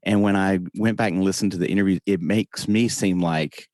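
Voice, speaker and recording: Deep slow Southern man. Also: fairly even intonation, a little mellow, no echo, clean studio sound. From American South. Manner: slow, unhurried, self-deprecating humor, frequent restarts. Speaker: podcast guest. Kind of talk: casual interview chat.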